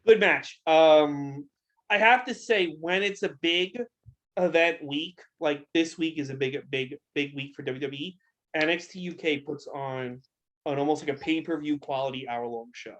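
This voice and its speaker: A man's voice: a little high, moderate pace, fairly bright tone. A young man co-hosting a casual podcast, ranting heatedly and swearing a lot. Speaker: podcast co-host. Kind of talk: casual wrestling podcast rant.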